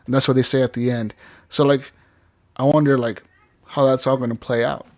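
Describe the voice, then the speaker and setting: A man's voice: mid-range voice, little pitch movement, fairly quick, a little mellow, no echo, clean studio sound. Rambling man chatting about games. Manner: rambling, laughing, acts out game lines. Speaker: podcast co-host. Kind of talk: casual gaming chat.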